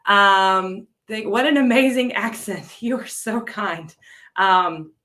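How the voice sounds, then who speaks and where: A woman's voice: medium pitch, slow pace, bright, forceful tone. An American woman coordinating an ESL program, teaching on a casual live stream, chatty, laughing often and answering viewers' comments.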